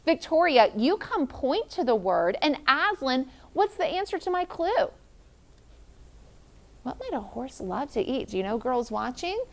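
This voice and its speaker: A woman teacher leading a classroom phonics lesson, encouraging children and sounding out letters slowly. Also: high-pitched, sing-song, creaky.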